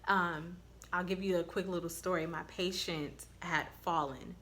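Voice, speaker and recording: A woman nurse talks straight to her viewers in a casual advice vlog. Her voice sits a little low but sounds bright and forceful. She tells candid stories and swears bluntly. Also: steady tone, a little slow, slight background noise. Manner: blunt, candid storytelling with profanity.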